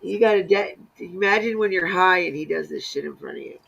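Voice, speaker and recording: A high, bright, gravelly man from New York state who teases and wisecracks in casual chat. The sound is muffled, like online call audio. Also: a little fast.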